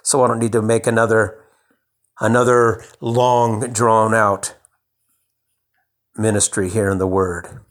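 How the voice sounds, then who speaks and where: A man's voice: lowish voice, flat delivery, takes it slowly, pauses often. A man preaching a sermon in a conversational way, restarting phrases and building to emphatic bursts.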